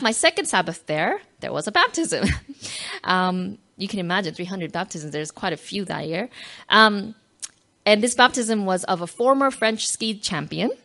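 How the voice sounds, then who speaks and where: A woman's voice: fairly low pitch, vocal fry. Woman telling a heartfelt faith story. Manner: animated, acts out quotes, drops to near-whisper at emotional moments. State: moved close to tears at times. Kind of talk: personal faith story told to an audience.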